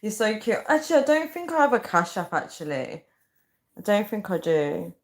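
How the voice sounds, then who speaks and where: A woman's voice: mid-range voice, very animated, moderate pace. A young woman chatting casually on a live stream, rambling and reading viewer comments aloud. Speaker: livestreamer.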